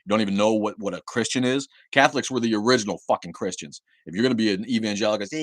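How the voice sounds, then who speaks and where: This livestream host talks rapid-fire with hardly any pauses, his low-leaning voice heard without echo. He's at his home setup in a heated, angry rant, full of swearing and repeated, restarted words.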